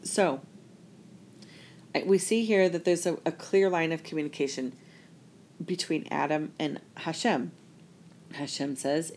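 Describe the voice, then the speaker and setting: A woman's voice: low-pitched, measured pace, pauses often, a little mellow, a little hiss or hum. A woman sharing a weekly Torah reflection in a casual, chatty way, drawing on her experience as a parent. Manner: reflective, chatty, with laughs and restarts. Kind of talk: casual talk.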